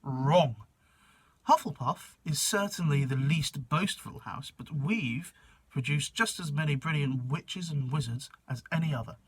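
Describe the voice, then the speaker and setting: A polished, welcoming English school prefect, as a man puts on the voice. The delivery is mock-formal and measured, like a recited welcome speech. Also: fairly high pitch, slightly rough, no room sound.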